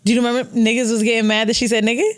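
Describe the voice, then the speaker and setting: Blunt, animated woman podcast co-host. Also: on the high side, racing. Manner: blunt, animated, laughing often. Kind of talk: casual chat. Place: studio.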